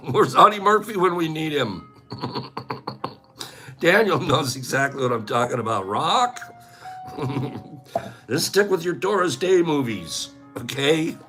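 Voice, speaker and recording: A man's voice: fairly high pitch, sing-song, a little slow, pauses often, faint music behind. A man hosting a casual live stream, playfully teasing the viewers in the chat and laughing often. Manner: breaks into loud bird calls. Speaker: livestream host.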